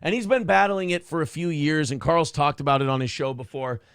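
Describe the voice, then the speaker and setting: Ranting male host with gravelly voice. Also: fairly high pitch, brisk, a bit bright, no echo, clean studio sound. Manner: blunt, profane, ranting. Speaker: show host. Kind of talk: casual commentary on a clip.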